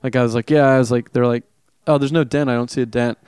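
Rambling, playful young man, smooth voice. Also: mid-range voice, steady tone, fast talker, darkish tone, no echo, clean studio sound. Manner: rambling storyteller, playful, laughs often. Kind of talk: casual chat.

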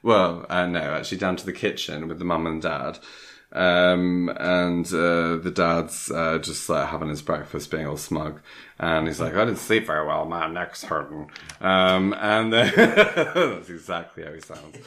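A man's voice: low voice, a little slow, a bit bright. A man in casual chat, retelling a film plot in a rambling way, full of fillers and little acted-out quotes. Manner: acts out lines of the film.

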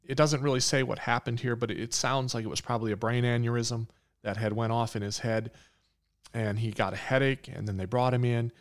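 A man's voice: mid-range voice, steady tone, a little fast. Earnest male preacher telling a story. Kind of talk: sermon.

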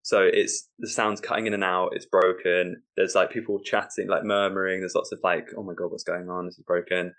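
A man's voice: low-pitched, brisk, hardly any pauses. Man telling a comic story. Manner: animated, acts out quoted voices, laughs often. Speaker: stand-up comedian guest. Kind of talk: casual storytelling.

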